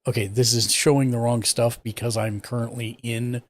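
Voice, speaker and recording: Easygoing and relaxed, a young man hosting a tech support stream talks a guest through software settings step by step, clicking around as he goes. His voice has an ordinary middle pitch and a normal speed. He thinks aloud and backtracks while hunting for a button in this casual live-stream walkthrough.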